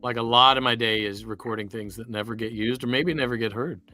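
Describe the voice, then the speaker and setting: A man's voice: mid-range voice, fast, bright, forceful tone, faint music behind. A man with a Southern US accent from Louisiana, chatting casually as a voice actor on a livestream and rambling into stories.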